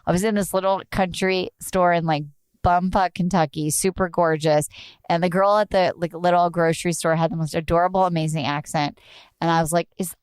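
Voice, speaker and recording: A woman's voice: fairly low pitch, fairly even intonation, a little fast, a little mellow, clean tone, dry recording, clean studio sound. A woman hosting a casual interview, chatty and gushing, who says "like" often; she is from the northern United States. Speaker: host.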